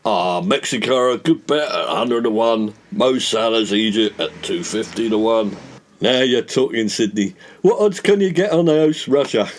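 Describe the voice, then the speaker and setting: A man's voice: fairly low pitch, animated, moderate pace, a little hiss or hum, pitched below the performer's own voice, natural voice. A man voicing a pompous, grumbling, self-important middle-aged Englishman who blusters indignantly.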